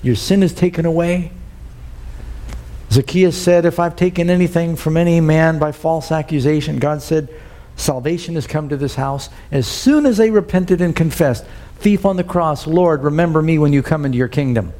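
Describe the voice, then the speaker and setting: A man's voice: fairly high pitch, normal speed, dark tone. A man preaching a sermon to a church congregation, quoting scripture and asking the crowd "Amen?". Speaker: pastor.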